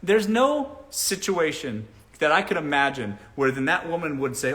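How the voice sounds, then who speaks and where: A man's voice: on the high side, sing-song, moderate pace, few pauses, fairly bright tone. A man giving blunt dating advice on a casual live stream, mocking and laughing at his own points while reading chat.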